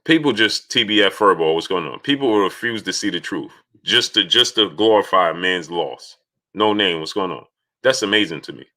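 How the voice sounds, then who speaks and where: A man with a low voice hosts a casual live stream, greeting viewers by name in a steady stream. His tone is bright and forceful. When he makes a point, he turns loud and insistent. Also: moderate pace. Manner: reads out viewer names and greets each one.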